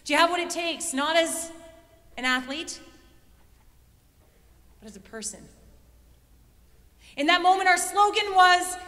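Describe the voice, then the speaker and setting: A woman's voice: extremely high pitch, measured pace, pauses often, bright, forceful tone. A woman from Canada giving a rousing motivational speech to an audience in a large event hall. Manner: rousing, addresses audience directly. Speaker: keynote speaker. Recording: reverberant hall.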